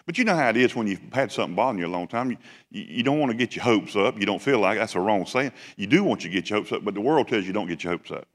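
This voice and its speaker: Folksy pastor in a reverberant sanctuary. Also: male voice, fairly low pitch, fairly bright tone. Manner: folksy, conversational, jokes with the congregation. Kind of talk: storytelling sermon. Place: church sanctuary.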